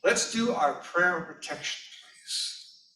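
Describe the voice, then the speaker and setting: A man leading a church service, speaking gently and encouragingly, then reciting a prayer. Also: sits high, animated, measured pace, a little hiss or hum. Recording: roomy hall, mic at a distance.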